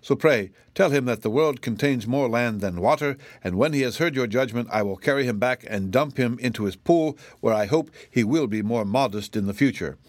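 A man's voice: medium pitch, normal speed, few pauses, no room sound, natural voice. A man voicing a proud, pompous male zebra in a storybook reading, with a formal and indignant way of speaking. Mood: cross. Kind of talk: audiobook reading.

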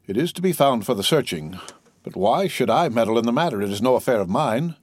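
A man's voice: mid-range voice, animated, fast talker, a little mellow, slightly rough, dry recording. A man voicing a scheming, envious male ship's clerk who speaks slyly and persuasively, in a storybook reading. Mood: sly denial. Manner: sly, persuasive, mock-innocent.

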